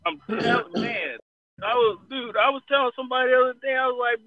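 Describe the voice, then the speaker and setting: A man from Los Angeles telling loud, profane stories in casual chat, laughing and quoting others. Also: very high voice, fast talker, no echo. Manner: loud, profane storytelling with laughs and quoted voices. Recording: dry, phone-like narrow sound.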